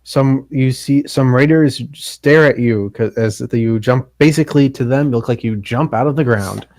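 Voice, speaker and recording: A man narrating as game master in a tabletop game, describing the scene in a steady, matter-of-fact way. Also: medium pitch, moderate pace, no room sound, clean studio sound.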